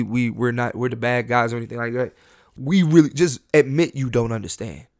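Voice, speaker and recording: Male podcast host, gravelly, dry close sound, loose profane rambling with lots of restarts. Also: mid-range voice, dry recording. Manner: animated, repetitive restarts, profane, laughs at himself. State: high on an edible. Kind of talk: solo casual podcast rant.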